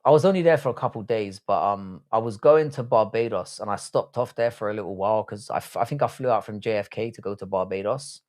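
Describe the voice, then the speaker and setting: A lowish, darkish male voice that moves quickly with hardly any pauses. This South London Englishman in his thirties watches fights on a livestream, reading out the chat and answering with blunt, profane banter.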